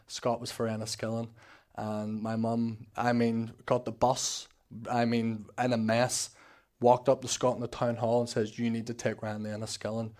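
Young Northern Irish man, church testimony, candid storyteller, steady monotone delivery. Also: mid-range voice, normal speed. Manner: candid storytelling, acting out quoted dialogue. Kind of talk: personal testimony.

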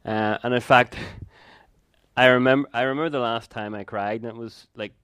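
A man in his fifties preaching a sermon, telling a personal story in an earnest way with quick laughs and asides. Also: mid-range voice, steady tone, fairly bright tone, clear, resonant tone, dry recording, clean studio sound.

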